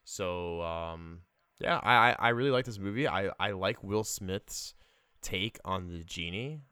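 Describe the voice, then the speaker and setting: A young man co-hosting a casual movie chat, talking haltingly with many fillers and restarts. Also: low-pitched, bright, forceful tone, clean tone, dry recording, clean studio sound. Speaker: podcast co-host.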